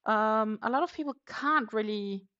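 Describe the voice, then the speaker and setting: A woman's voice: a little high, unhurried, pushed and bright, smooth, dull audio. A Danish woman with a mixed Danish, Dutch and English accent, chatting casually on a crochet livestream from home and reading viewer comments aloud, with many fillers. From Denmark. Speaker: crochet live streamer.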